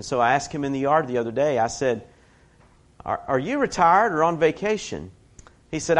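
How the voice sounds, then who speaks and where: Man preaching a conversational sermon. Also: mid-range voice. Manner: conversational, animated storytelling with personal asides.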